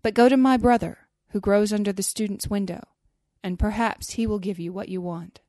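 A woman voicing a solemn, sorrowful rose tree in a storybook reading, grave and measured. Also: medium pitch, fairly even intonation, dark tone, no room sound, studio quality, lightly acted.

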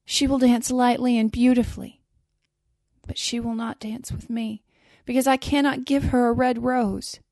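Lovesick young student, wistful and longing, voiced by a woman in a warm, dry tone. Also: on the high side, level tone, moderate pace, no room sound, pitched above the performer's own voice, close to an everyday voice.

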